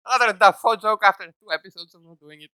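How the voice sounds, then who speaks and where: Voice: mid-range voice, quick pace, bright, forceful tone, clear, resonant tone, dry recording, studio quality. A host riffing in casual, joking chat while reacting to an anime episode, now and then slipping into mock voices.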